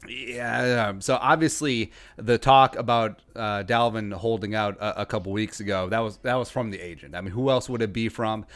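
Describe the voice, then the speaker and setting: Man with a low, smooth voice. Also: normal speed, hardly any pauses, fairly bright tone. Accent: Upper Midwestern American. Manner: conversational, many fillers and restarts. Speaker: podcast host. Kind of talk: casual sports commentary.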